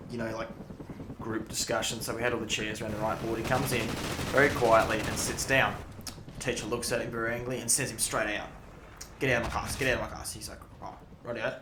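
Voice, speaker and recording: A man's voice: medium pitch, noisy background. A young man doing casual gameplay commentary, rambling through stories and swearing freely. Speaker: gaming YouTuber. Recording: echoey room, loud game gunfire. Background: loud game audio with gunfire.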